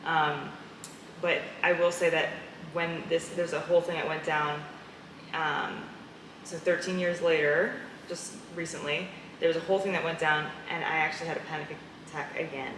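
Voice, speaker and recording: Interview guest: woman with a low-pitched voice, animated storyteller, recorded in an echoey noisy room. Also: normal speed. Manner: animated storyteller, laughs often. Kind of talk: casual interview conversation. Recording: echoey room with clear background noise.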